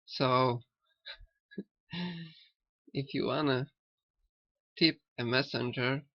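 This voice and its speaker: In a rambling spiritual commentary on a cartoon, a later-in-life learner speaks slowly, stopping and repeating as he goes. His voice is gravelly and medium-pitched. The sound is dull and lo-fi, dry and free of room sound, like a cheap mic held close.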